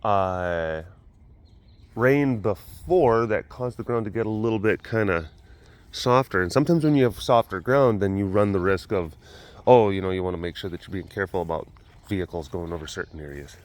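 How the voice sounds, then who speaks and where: A man's voice: deep voice, normal speed. A man hosting his own vlog from an animal facility, telling stories in a rambling, chatty way full of fillers. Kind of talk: casual chat.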